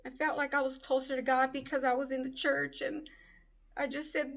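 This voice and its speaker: A woman giving an emotional personal testimony, speaking in a halting, tearful way. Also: high voice, little pitch movement, vocal fry, fairly bright tone. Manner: slow, halting, tearful storytelling.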